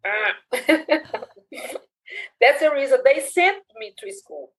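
Animated Brazilian woman with accented English. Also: high voice, takes it slowly, low-quality recording. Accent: Brazilian Portuguese. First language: Portuguese. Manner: animated, laughs often, acts out family dialogue. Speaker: interviewee. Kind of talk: casual interview.

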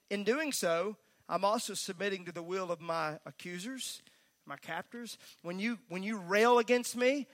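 At a church service, a pastor preaches in a high, ringing, bright voice. He's emphatic yet conversational, weaving folksy asides into the sermon.

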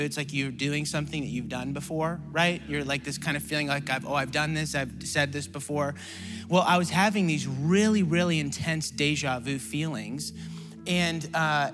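A high-pitched man preaching to a congregation, with repeated phrases and calls for the room to answer. His voice climbs to shouted appeals, then drops to quiet storytelling. Long reverb fills the large hall, and faint music sits underneath. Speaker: pastor. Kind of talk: preaching a sermon.

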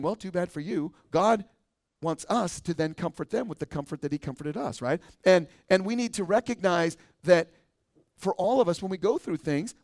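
An American man, a pastor, preaching a conversational sermon and often ending points with a quick "right?". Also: sits high, a little mellow, no room sound, studio quality. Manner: conversational preaching, frequent tag question "right?".

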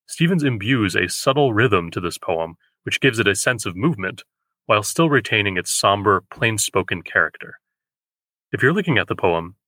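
A man hosting a poetry podcast, giving a measured, explanatory lecture on verse and slowing down to read lines aloud. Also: lowish voice, pushed and bright, dry recording.

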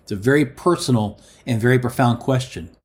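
A man preaching a sermon, calling his listeners friends and repeating each quoted line slowly for emphasis. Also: medium pitch.

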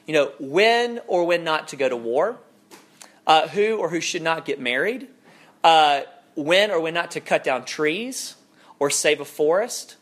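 Young male pastor, casual sermon delivery, lively pitch, asks the crowd questions. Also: unhurried. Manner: conversational, animated, rhetorical questions.

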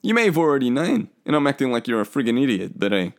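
A man's voice: mid-range voice, sing-song, quick pace. A young man hosting a casual solo talk show, chatty, profane and self-mocking. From Australia. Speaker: podcast host.

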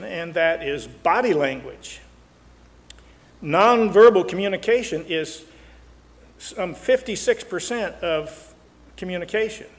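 A man's voice: sits high, long reverb tail. An older man and marriage counselor teaching in a folksy, joking way, acting out little quotes. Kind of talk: talk show teaching.

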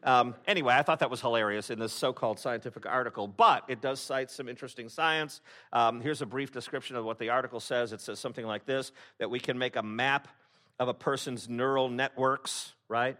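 A man's voice: medium pitch, brisk, sharp tone. A man preaching a sermon to his congregation in a conversational, wry way, often breaking off and restarting his sentences. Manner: conversational, self-interrupting, wry. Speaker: pastor.

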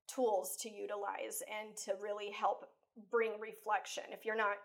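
A woman life coach talking casually as an interview guest, chatty and animated, acting out her own thoughts with lots of "like" and "you know.". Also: mid-range voice, unhurried, creaky. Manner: acts out her own inner thoughts while telling stories. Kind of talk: conversational interview.

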